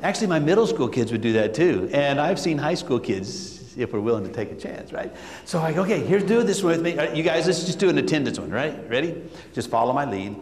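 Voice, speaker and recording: Lively man telling stories in an echoey hall. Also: a little high, a little fast, a faint crowd, a little hiss or hum. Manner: lively, acts out quotes and leads call-and-response chants. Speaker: school administrator speaking to educators. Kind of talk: animated conference talk with storytelling. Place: large hall. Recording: echoey hall with long reverb.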